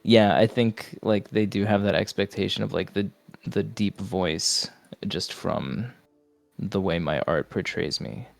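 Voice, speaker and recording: A man's voice: sits low, measured pace, gravelly, no room sound, faint music behind. A man chatting as a podcast guest, easygoing and rambling with casual swearing.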